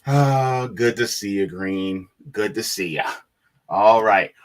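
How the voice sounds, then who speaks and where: A man's voice: on the low side, takes it slowly. A man co-hosting a live stream, greeting viewers and reading chat messages aloud with frequent laughs.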